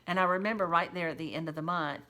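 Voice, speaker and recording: A woman's voice: lowish voice, fairly even intonation, fast talker, sharp tone. A woman who works as a home caregiver, telling chatty, folksy, faith-filled stories and speaking straight to her listeners. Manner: chatty, folksy, quotes scripture. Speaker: home caregiver sharing memories. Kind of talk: casual faith-based storytelling.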